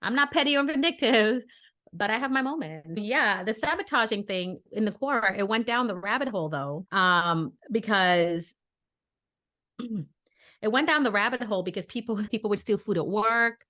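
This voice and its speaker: A woman's voice: medium pitch, expressive, moderate pace, pushed and bright. A woman podcast co-host, from Brooklyn, telling a story in casual chat and acting out the dialogue with indignant energy.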